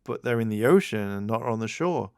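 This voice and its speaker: A man's voice: lowish voice, animated, brisk, smooth, no echo, studio quality. A man voicing a cheerful teenage girl in a storybook reading.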